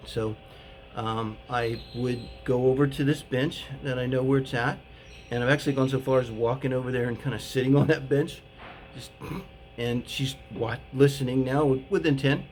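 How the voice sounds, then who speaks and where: A man telling a personal story in a casual, rambling way, with many pauses and fillers. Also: medium pitch, steady tone, a little mellow, slight background noise. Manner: rambling and hesitant, full of fillers. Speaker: author telling his own story.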